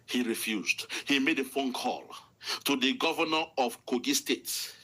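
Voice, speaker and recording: A man's voice: mid-range voice, measured pace, pushed and bright. A man with a Nigerian accent delivering an angry political rant, furious and insulting, repeating himself. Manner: furious, insulting, repetitive ranting. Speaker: political commentator.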